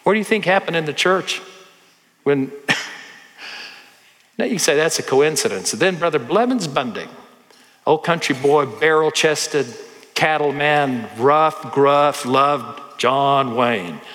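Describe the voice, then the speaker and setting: A man's voice: on the high side, slow, pauses often, big-room sound. A man, a pastor telling stories in a folksy sermon and acting out the voices of the people in them. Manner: folksy, animated storyteller who acts out voices. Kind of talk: storytelling sermon.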